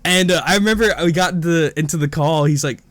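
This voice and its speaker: A man's voice: a little high, a little fast, no room sound. A young man co-hosting a casual podcast, telling stories with lots of laughs and acting out the people he quotes. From Indiana. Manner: animated storyteller, acts out quoted people, laughs often. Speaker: podcast co-host. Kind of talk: casual chat.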